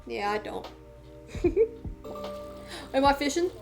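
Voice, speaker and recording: Chatty woman streamer with a higher voice. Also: animated, drawn-out words, vocal fry, music in the background. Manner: rambling, chatty, many fillers. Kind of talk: casual live-stream chat.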